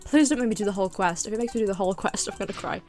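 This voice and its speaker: A woman's voice: mid-range voice, racing, darkish tone, soft background music. Exasperated swearing British woman streamer. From Britain. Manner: exasperated, swearing, muttering under her breath. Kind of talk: casual gameplay commentary.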